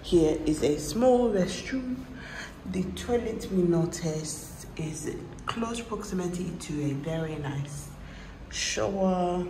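A woman's voice: lowish voice, lively intonation, slow, background noise. A woman putting on a prim, theatrical persona with stiff, formal wording and a French flourish as she gives a tour of a rented apartment. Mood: haughty.

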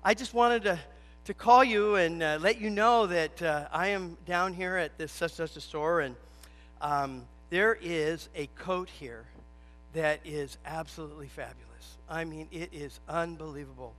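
Guy putting on an excited wife on the phone, gushing and coaxing, bright and high-ish. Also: a little slow, soft background music. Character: excited wife phoning about big purchases.

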